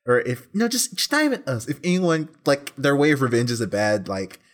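A man's voice: medium pitch, very animated, a little fast. A man co-hosting a comedy podcast, joking and rambling casually with lots of fillers. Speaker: podcast co-host.

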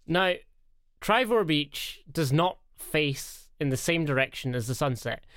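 A man's voice: fairly high pitch, expressive, unhurried, a bit bright, clean tone, no echo, studio quality. A Scottish man co-hosting a podcast, telling a story in casual chat and laughing often. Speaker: podcast co-host.

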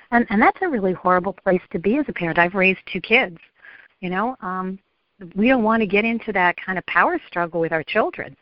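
A woman's voice: mid-range voice, lively intonation, fairly quick, no room sound. Middle-aged woman, therapist guest, earnest, lots of ums, dull dry recording. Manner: earnest, frequent ums, acts out quotes. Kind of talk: podcast interview.

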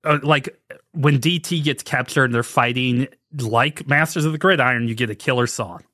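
A man's voice: medium pitch, normal speed, very noisy. A man co-hosting a casual podcast, laughing often as he recounts scenes. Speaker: podcast co-host. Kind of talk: casual chat.

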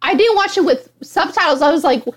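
Woman co-host, high voice, giggly, eager to add details. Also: lively intonation, fairly quick. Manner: laughs often, jumps in with details. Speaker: podcast co-host. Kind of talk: casual chat about a film.

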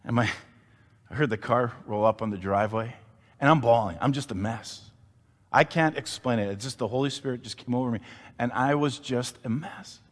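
Pastor guy preaching, animated storyteller, regular mid voice, big reverby hall. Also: mid-range voice, normal speed. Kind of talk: sermon.

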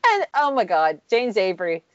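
A woman's voice: medium pitch, very animated, moderate pace, no echo, lo-fi sound. A woman in her thirties co-hosting a podcast, talking candidly in casual chat with small laughs. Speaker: podcast co-host.

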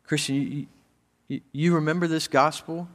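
A male pastor preaching a sermon, moving between hushed scripture reading and raised, urgent appeals to the congregation. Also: on the high side, fairly even intonation, moderate pace, big-room sound.

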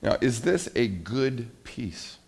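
A man's voice: medium pitch, takes it slowly, creaky, breathy edge. A middle-aged man preaching a sermon, telling a story and talking directly to the children. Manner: animated storytelling, addresses kids directly. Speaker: pastor.

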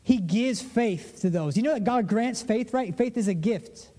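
High, mellow-voiced man preaching in a hall. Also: expressive, moderate pace. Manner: conversational preaching, acts out prayers with rising pitch. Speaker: pastor. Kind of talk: sermon.

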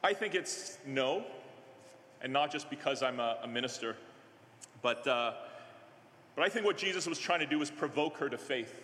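A male minister preaching a sermon in a conversational way, halting often with fillers and restarts. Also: mid-range voice, lively intonation, fairly bright tone, slight background noise. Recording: echoey hall with long reverb.

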